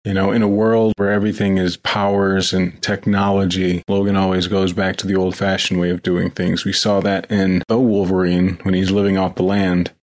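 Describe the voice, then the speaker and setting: Low-voiced man recapping a film casually. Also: little pitch movement. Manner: unhurried, hesitant, lots of fillers and restarts. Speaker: podcast co-host recapping a film. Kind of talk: casual chat.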